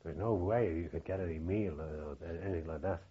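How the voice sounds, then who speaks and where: An older man with a Liverpool accent tells his memories haltingly, with frequent restarts and fillers. His voice sits low and sounds husky. The recording is dull and lo-fi. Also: warm tone. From Liverpool, England. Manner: halting, many restarts and fillers, plain-spoken. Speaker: veteran interviewee. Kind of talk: oral history recollection.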